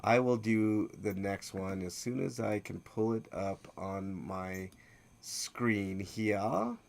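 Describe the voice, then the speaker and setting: A man's voice: lowish voice, takes it slowly, gravelly. A man hosting a casual gaming news podcast, reading stories with lots of filler words and teasing his co-host. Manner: reads game news with many filler "uh"s, teasing. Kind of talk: casual livestream news chat.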